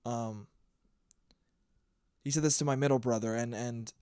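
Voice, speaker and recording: Mid-range and steady, with a measured pace and a darkish, clear, resonant tone, this young man's voice comes through a dry, clean studio recording. As a solo podcast host, he tells stories in a blunt, profane, ranting way.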